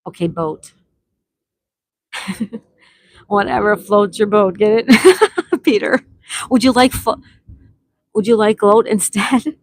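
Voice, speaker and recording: A woman's voice: medium pitch, takes it slowly, pauses often, dry recording. Chatty woman hosting a live stream. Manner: chatty, reads viewer comments aloud and spells out letters. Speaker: livestream host. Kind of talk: casual live-stream chat.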